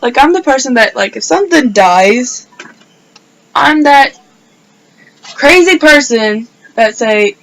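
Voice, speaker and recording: A woman's voice: fairly high pitch, expressive, unhurried, a bit bright, rough recording. A woman telling a personal story in a casual vlog, rambling and filling her speech with "like". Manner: rambling, filler-heavy storytelling with many "like"s. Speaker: vlogger.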